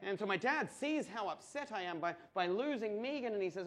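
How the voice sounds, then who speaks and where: An Australian man telling a crude, animated stand-up comedy story with swearing and mock outbursts. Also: high voice, a little fast.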